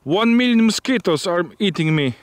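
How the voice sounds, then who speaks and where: A man's voice: sits high, animated, moderate pace. A man co-hosting an outdoor model-flying session, giving short replies and reminders to the pilot. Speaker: co-host and spotter. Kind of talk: casual outdoor chat. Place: open field outdoors.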